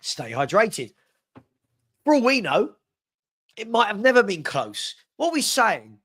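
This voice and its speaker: Casting: male live-stream host, slightly higher voice, playful and chatty, has a cold. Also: huge pitch swings, a little slow, a bit bright, slightly rough. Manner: chatty, playful, teasing, repeats himself. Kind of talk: casual live-stream chat reading viewer comments.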